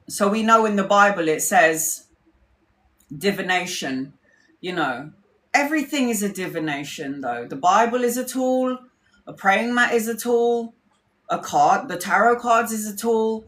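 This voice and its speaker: A woman tells a rambling personal story for her followers, chatty and quick to laugh, with casual swearing. Her voice sits at an ordinary middle pitch. The room around her gives a noticeable echo. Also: a bit bright. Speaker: tarot reader. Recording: roomy echo.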